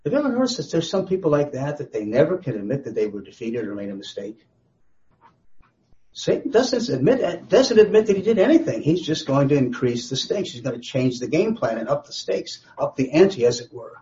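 A man's voice: medium pitch, very animated, a little fast, dark tone. A man teaching a Bible study in a conversational, rambling way, often restarting his sentences. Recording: slightly dull lo-fi recording.

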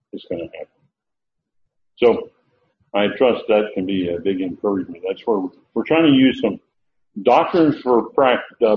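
Male Bible teacher, sermon delivery, deliberate and emphatic; lo-fi tinny audio with faint hiss. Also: lowish voice. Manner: slow, emphatic, repeats key phrases. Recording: tinny phone-like lo-fi recording.

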